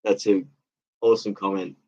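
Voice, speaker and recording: A man's voice: lowish voice, little pitch movement. A tired man hosting a casual livestream, reading chat comments with many fillers, restarts and laughs. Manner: rambling, halting, lots of fillers and restarts, laughs often. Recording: dull lo-fi sound.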